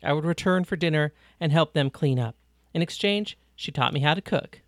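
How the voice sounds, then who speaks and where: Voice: mid-range voice, normal speed, dry recording, clean studio sound, lightly acted. A reader voicing a blunt, breezy ranch woman. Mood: chatty. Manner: breezy, teasing, plain-spoken. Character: warm, blunt woman from a ranch who cooks. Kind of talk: audiobook reading.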